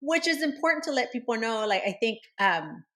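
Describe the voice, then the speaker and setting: A woman's voice: on the high side, expressive, brisk, a bit bright. A woman co-hosting a podcast, talking casually and dropping in Spanish phrases. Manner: conversational, mixes in Spanish phrases. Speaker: podcast co-host. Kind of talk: casual chat.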